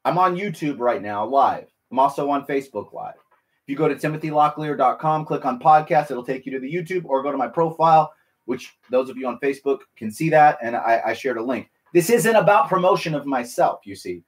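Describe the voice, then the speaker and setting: A man's voice: medium pitch, lively intonation, brisk. A man, a military veteran, talking earnestly and emotionally to viewers on a casual live stream, rambling and restarting his sentences. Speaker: veteran livestreamer.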